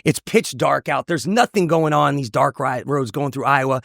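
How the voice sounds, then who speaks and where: A man's voice: medium pitch, moderate pace, creaky, a bit bright, no echo, clean studio sound. A man, a motivational speaker, telling an emotional personal testimony in an intense, earnest way. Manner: intense, earnest storytelling with repetitions.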